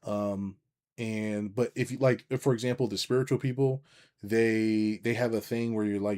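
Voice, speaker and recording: A man's voice: on the low side, moderate pace. Blunt, profane man ranting. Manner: blunt, profane, animated rant. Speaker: business coach. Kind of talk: livestream monologue reading chat.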